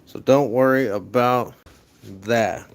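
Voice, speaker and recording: A man's voice: medium pitch, takes it slowly, vocal fry. Upbeat young man streaming from his garage. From USA. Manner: rambling, upbeat motivational, talks to chat. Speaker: livestreaming garage vlogger. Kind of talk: casual live-stream chat while organizing tools. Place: home garage.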